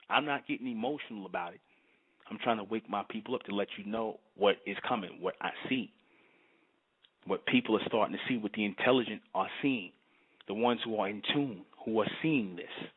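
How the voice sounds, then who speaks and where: A fervent man talks in a low voice, emphatic and repetitive. He keeps asking if you understand. The sound is thin and tinny, like a phone line. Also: fairly quick, husky. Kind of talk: fervent monologue to camera.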